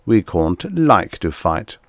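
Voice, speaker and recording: A man's voice: low voice, very animated, slow, dry recording, exaggerated voice. A man voicing a boastful, warlike alien male ruler who hoots and blusters in a storybook reading. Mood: bullying. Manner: hooting, blustering, bellowing.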